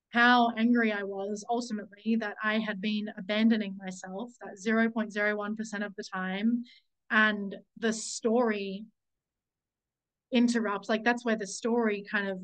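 A woman's voice: mid-range voice, a bit bright, low-quality recording. A woman sharing a personal story on a group call, searching for her words, correcting herself often and swearing now and then. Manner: searching, self-correcting, many "like"s; candid, swears when recalling anger. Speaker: summit speaker.

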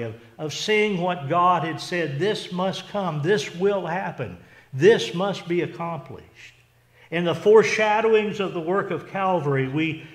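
A man preaching a sermon as pastor, earnest and unhurried, often restarting and repeating words as he goes. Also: on the high side. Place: church sanctuary. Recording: echoey church hall.

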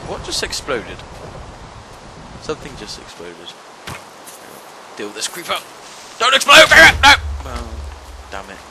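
A young man giving let's-play commentary, talking to the monsters and yelping and shouting whenever they hit him. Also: medium pitch, sing-song, a little slow, pauses often, background noise. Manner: talks to monsters, yelps and shouts when hit. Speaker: gaming channel host.

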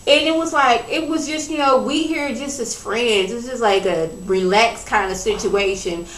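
A woman giving a casual, sassy recap of a reality show, chatting in a lively storytelling way. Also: a little high, moderate pace, reverberant, slight background noise, rough recording.

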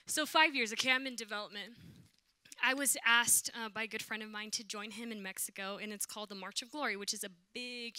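Young woman, church testimony, bright sharp voice, dry close sound, acts out quotes. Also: medium pitch, clean tone, dry recording. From Southern California, USA. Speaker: worship leader. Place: church sanctuary.

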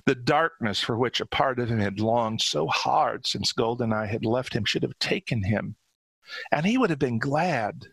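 A man reading his own short story aloud with steady, dramatic narration. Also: mid-range voice, moderate pace, gravelly, husky, no room sound, low-quality recording. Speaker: author.

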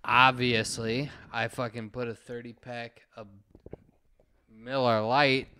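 Bright-voiced man telling rowdy stories. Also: mid-range voice, slow pace, smooth, no echo. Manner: loud, animated storyteller who acts out friends' lines. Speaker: podcast co-host. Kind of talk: casual storytelling chat.

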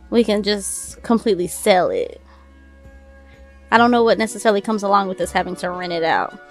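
A woman giving casual, excitable let's-play commentary and talking to her viewers. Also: on the high side, creaky. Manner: excitable, chatty, addresses viewers as y'all. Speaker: gaming video host.

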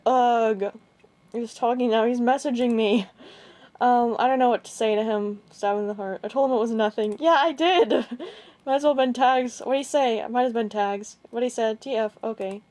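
A young woman vlogging casually about a chat exchange, rambling and halting with many restarts. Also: fairly high pitch, mellow. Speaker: gaming video creator. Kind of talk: casual vlog recounting a chat.

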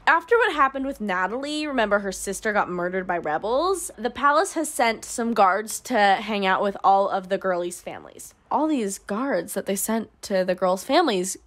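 A young woman recaps a book in a loose, chatty way. She is sarcastic and says "like" constantly. Her pitch swings up and down all the time, and she records straight into a camera mic. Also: expressive, moderate pace, few pauses, a bit bright. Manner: sarcastic, chatty, heavy use of "like". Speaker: book reviewer.

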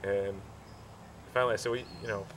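A man slowly recounting how he proposed, with many fillers, restarts and pauses. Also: lowish voice, fairly even intonation, recorded from a distance, a loud crowd, rough recording. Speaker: groom telling proposal story. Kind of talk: casual storytelling.

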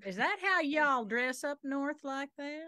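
A woman's voice: high-pitched, expressive, measured pace, pushed and bright, dry recording, studio quality, heavily acted. A woman improvising a flustered small-town woman with a put-on drawl on stage. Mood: fretting. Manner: flustered, repeats herself. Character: fussy, fretting Southern small-town woman. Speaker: improv performer. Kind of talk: live improv comedy scene. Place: theater stage.

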